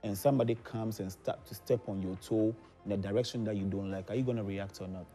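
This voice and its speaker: Ghanaian male guest, lively storyteller, laughing delivery, faint music underneath. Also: on the low side, fast. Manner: animated, laughs while telling stories, acts out quotes. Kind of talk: casual chat, storytelling.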